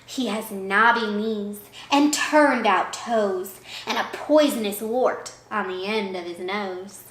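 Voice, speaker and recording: A woman's voice: mid-range voice, slow pace, close to an everyday voice. A woman voicing a clever little male mouse in a read-aloud picture book, boastful and theatrical. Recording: echoey room.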